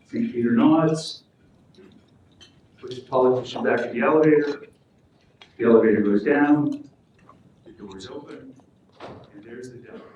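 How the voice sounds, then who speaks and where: A man's voice: mid-range voice, a little hiss or hum. Middle-aged man, public speech, earnest and emphatic, very echoey hotel hall, distant mic. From Alaska. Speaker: speaker at a political event. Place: hotel function room.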